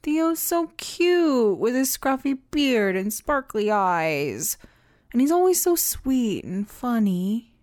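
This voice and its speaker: A woman's voice: a little high, sing-song, slow pace, a little mellow. A woman hosting a comedy sketch, sarcastic and playful. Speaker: host.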